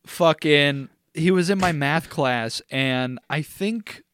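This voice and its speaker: A man's voice: a little high, slow pace, fairly bright tone, smooth. A young man co-hosting a podcast, telling a rambling story in a joking, casual way. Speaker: podcast co-host. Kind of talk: casual chat.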